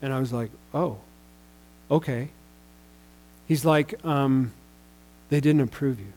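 A man's voice: medium pitch, slow pace, a little mellow, rough recording. A man in his forties, a pastor, telling a personal story in a sermon in a conversational way, with bursts of raised emphasis.

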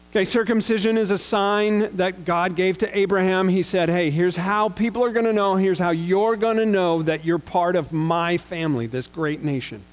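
A man preaching a sermon, retelling scripture in a casual, conversational way with slangy paraphrased quotes and long passages read aloud. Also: high-pitched. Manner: reads scripture aloud at length.

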